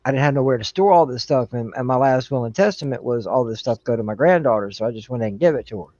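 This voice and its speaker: A man's voice: medium pitch, lively intonation, fast talker, a little mellow, dry recording. An older man, a grandfather, telling a rambling nostalgic story in a casual chat. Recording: dull lo-fi mic.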